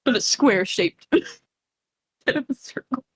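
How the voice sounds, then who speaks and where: A woman's voice: high-pitched, expressive, takes it slowly, fairly bright tone, breathy edge, dry recording, clean studio sound. A woman narrating as game master, chatty and rambling, laughing often.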